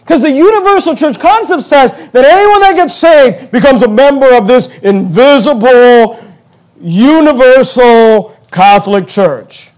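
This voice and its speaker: Male pastor, high voice, fervent sermon delivery with brisk asides. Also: a little mellow. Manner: fervent preaching, quick asides to the congregation.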